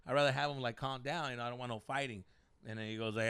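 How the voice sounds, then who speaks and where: A young adult man, a podcast host telling a story in a casual, animated way, swearing as he gets heated. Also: medium pitch, racing, clean tone, dry recording.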